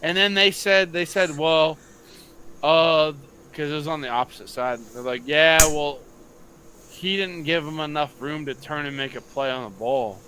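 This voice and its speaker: Profane, bright-voiced male football coach. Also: on the high side, normal speed, slight background noise. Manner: profane, animated storytelling. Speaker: podcast co-host, high school football coach. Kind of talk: casual late-night podcast chat.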